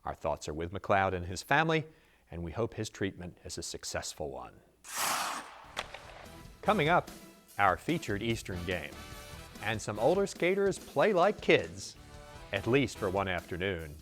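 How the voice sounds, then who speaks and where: A man with a fairly low voice reads hockey news copy in a measured, even cadence. It sounds like a clean, scripted studio read. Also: music in the background. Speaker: show host. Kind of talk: scripted sports news narration.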